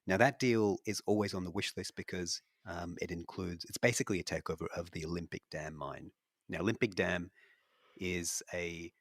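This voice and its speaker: A man's voice: low voice, moderate pace, dry recording, clean studio sound. A man with an Australian accent talking through stock analysis on a podcast, rambling with lots of restarts and fillers. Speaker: investment analyst co-host. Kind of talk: casual podcast discussion.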